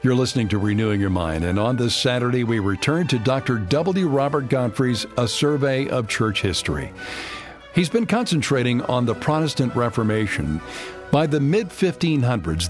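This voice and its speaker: A man announces a radio teaching program in a measured, formal style. His voice rises and falls a great deal. Music plays clearly underneath him. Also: mid-range voice, sing-song. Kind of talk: scripted broadcast introduction.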